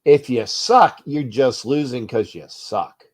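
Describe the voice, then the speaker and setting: A man with a stuffed-up nose hosts a sports talk show, rambling along at a middling pitch. He trails off into low mutters, restarts his sentences, and then gets loud. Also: slow. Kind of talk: uncensored fan rant show.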